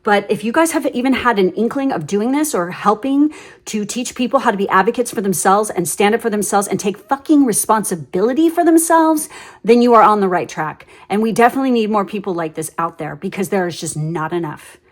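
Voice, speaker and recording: A woman's voice: medium pitch, fairly quick. Woman tarot reader, casual and blunt, ranty storyteller, swears a lot. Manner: blunt, ranting, swears freely; animated storyteller with many fillers. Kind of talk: casual tarot reading monologue.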